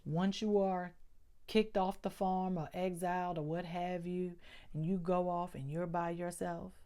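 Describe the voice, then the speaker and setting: A woman's voice: fairly low pitch, flat delivery, unhurried, dark tone, clear, resonant tone. A woman giving a casual tarot reading, speaking emphatically, repeating phrases and talking straight to her viewers. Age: adult with doctoral degree. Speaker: tarot reader.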